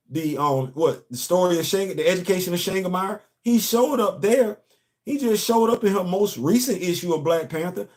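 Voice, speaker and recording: A man hosting a comics commentary show, ranting emphatically and repeating himself. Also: sits high. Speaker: host. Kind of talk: casual commentary.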